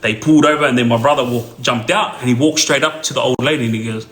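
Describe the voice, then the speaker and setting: Australian man, rambling storyteller, bright voice, echoey room. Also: mid-range voice, fast talker. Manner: rambling with many fillers and restarts. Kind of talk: casual storytelling to viewers.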